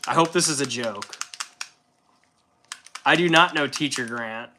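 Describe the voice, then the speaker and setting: A man's voice: medium pitch, unhurried, bright, forceful tone, slight background noise. A man streaming casually while painting, rambling in a laid-back way and swearing freely.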